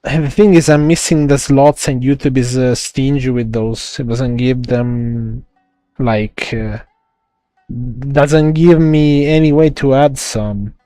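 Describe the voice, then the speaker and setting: A man with an Italian accent chats to his viewers while streaming a game, drifting and restarting his sentences at an unhurried pace. His voice is mellow and smooth, recorded dry and close, with faint game music underneath. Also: mid-range voice, fairly even intonation, no echo. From Italy. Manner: rambling, halting, lots of restarts and laughs. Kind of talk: live game stream commentary.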